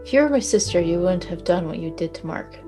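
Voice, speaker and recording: A woman's voice: on the low side, animated, fast talker, natural voice. A woman voicing a defiant young woman who is in a mood and speaks curtly, with faint music behind. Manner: curt, defiant.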